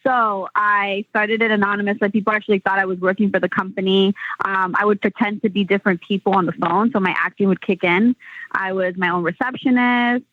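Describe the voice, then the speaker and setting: A woman's voice: medium pitch, steady tone, brisk, no echo. Young american woman, chatty and rambling, filler-heavy talk, thin phone-line sound, dry. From United States. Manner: rambling, many "like" fillers and restarts. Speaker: entrepreneur guest. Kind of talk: casual interview chat.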